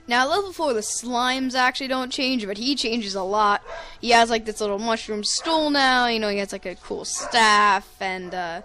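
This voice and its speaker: A woman's voice: a little high, normal speed, sharp tone, soft background music. A woman hosting a gaming video, giving casual, rambling commentary full of fillers and giggles.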